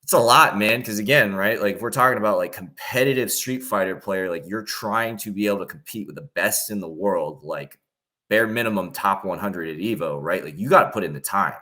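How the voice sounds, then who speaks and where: A man's voice: lowish voice, brisk, sharp tone. A young man talking casually as a podcast guest, rambling with lots of fillers and acting out his own inner voice. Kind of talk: casual chat.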